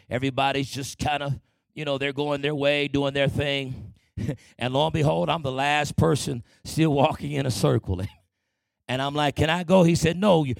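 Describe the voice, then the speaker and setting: A man's voice: medium pitch, vocal fry, no room sound. A man telling his life story to a congregation in a church testimony, speaking conversationally and often asking the listeners for an amen.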